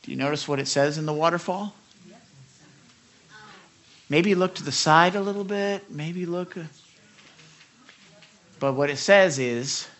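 A man preaching a sermon to a live church audience, animated and chatty, acting out quotes with many restarts and laughs. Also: fairly high pitch, unhurried, pauses often. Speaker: pastor.

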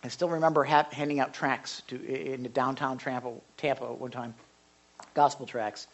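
A man, a pastor, giving a conversational sermon to a live congregation in an animated way, with big jumps in pitch and loudness. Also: normal speed. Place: church service before a live congregation.

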